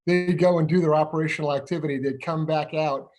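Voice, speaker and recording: A man hosting an interview who once worked as an intelligence officer, explaining events in a measured way, step by step. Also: fairly high pitch, steady tone, darkish tone. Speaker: show host and former intelligence officer. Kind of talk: conversational interview.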